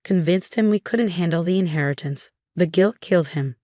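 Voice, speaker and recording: Woman reading resentful adult son, bitter, low dry voice. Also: normal speed, warm tone, no echo, lightly acted.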